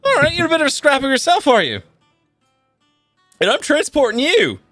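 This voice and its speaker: A man voicing a swaggering, gruff one-eyed male pirate brawler in a tabletop game. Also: extremely high pitch, wildly swooping pitch, a little fast, fairly bright tone, dry recording, clean studio sound, faint music behind, voice pushed up, exaggerated voice. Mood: cocky.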